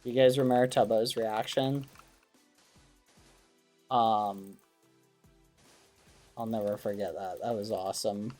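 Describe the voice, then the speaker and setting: Slow-talking excitable male streamer. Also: lowish voice, faint music behind. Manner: excitable, talks to his chat; wholesome, avoids swearing. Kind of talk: casual gaming livestream chat.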